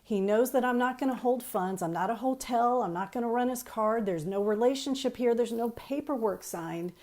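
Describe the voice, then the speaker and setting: A woman's voice: a little high, normal speed. A woman coaching counselors on a live stream, chatty and emphatic, repeating key points and greeting viewers as she goes. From Texas. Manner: energetic, chatty, greets viewers mid-talk. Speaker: counseling trainer.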